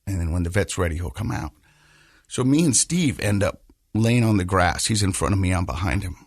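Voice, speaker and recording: Husky-voiced man telling a story haltingly. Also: sits low, lively intonation, no echo, clean studio sound. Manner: halting, repeats words while telling, laughs through lighter moments. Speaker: podcast host. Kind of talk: personal storytelling in casual chat.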